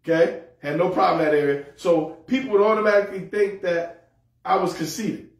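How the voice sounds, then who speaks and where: A man's voice: high-pitched, fairly quick. A man preaching a sermon as pastor, humorous and folksy, repeating words as he goes. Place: church sanctuary. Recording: echoey hall, mic far off.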